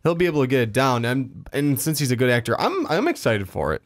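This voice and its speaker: A man's voice: medium pitch, sing-song, quick pace. A young man co-hosting a casual podcast, speaking hesitantly and often trailing off before finishing a thought. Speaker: podcast co-host. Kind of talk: casual movie chat.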